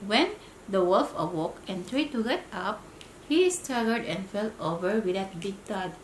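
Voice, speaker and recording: A woman reading a bedtime story aloud in an expressive, animated way. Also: mid-range voice, unhurried, roomy sound, slight background noise, poor audio.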